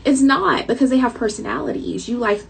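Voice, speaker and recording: A woman's voice: a little high, fairly quick, creaky, a little hiss or hum, poor audio. A woman author chatting casually to her viewers with a light Southern twang, dramatic and talkative, calling them y'all.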